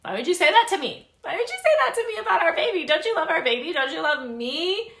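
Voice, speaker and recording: A woman's voice: expressive, fast, fairly bright tone, roomy sound, natural voice. A woman voicing a desperate, unhinged young woman who shrieks and pleads through tears. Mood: furious. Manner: shrill, tearful and shrieking.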